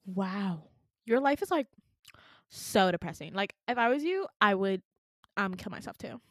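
A woman's voice: medium pitch, big pitch swings, moderate pace, dry recording, studio quality. A woman playing a snippy teen receptionist. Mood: mocking. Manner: curt, condescending, flippant. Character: snippy bored teenage receptionist girl.

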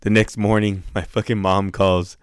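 A man's voice: lowish voice, flat delivery, moderate pace, smooth, no room sound, studio quality. A middle-aged man telling stories in a casual chat, profane and laid-back, full of "dude" and "bro", acting out what people said.

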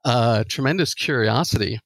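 A middle-aged man from Long Island, New York, a professor guest on a podcast, telling stories in a relaxed way with many fillers. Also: medium pitch, normal speed, gravelly, dry recording. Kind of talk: podcast interview.

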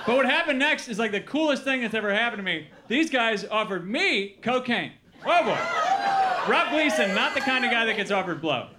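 A man from Milwaukee performing a stand-up comedy set, telling stories with animated acted-out quotes. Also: very high-pitched, a little fast, hardly any pauses, noisy background. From Milwaukee, Wisconsin. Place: comedy club with live audience.

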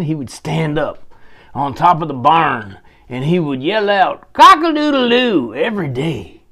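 Male kids' storyteller, playful, slow and sing-song with a bouncing pitch. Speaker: children's storyteller persona. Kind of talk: goofy kids' storytelling to a cactus.

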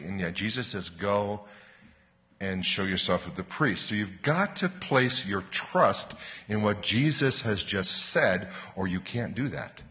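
Bright-voiced preacher in a reverberant hall. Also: male voice, mid-range voice. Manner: earnest, explanatory, with emphatic rises and slowed stresses. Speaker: pastor. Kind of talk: sermon.

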